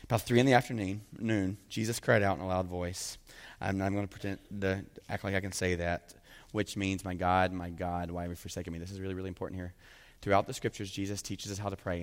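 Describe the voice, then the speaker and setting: Fervent preacher in an echoing hall. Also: male voice, deep voice, steady tone, fairly quick. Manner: swings from hushed to loud, fervent peaks. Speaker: pastor. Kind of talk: sermon. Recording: long reverb of a large hall.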